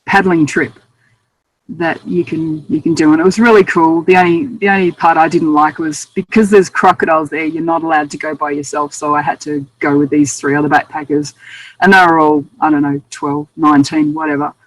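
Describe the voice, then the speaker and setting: A woman with a deep, fairly even voice and an Australian accent speaks fairly quickly on a low-quality recording. A guest author, she tells travel stories in a chatty, self-amused manner during a casual interview.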